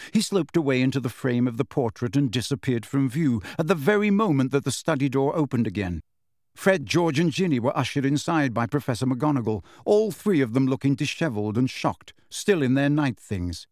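A man narrating a novel as an audiobook, with an expressive, varied delivery. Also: medium pitch, normal speed, no room sound, clean studio sound. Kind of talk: scripted narration.

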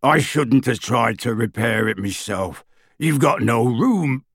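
A man voicing a huge, loyal, anxious male half-giant in an audiobook, bellowing shouts and moaning apologies. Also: medium pitch, lively intonation, slow, dry recording, studio quality, exaggerated voice. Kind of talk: audiobook character voice.

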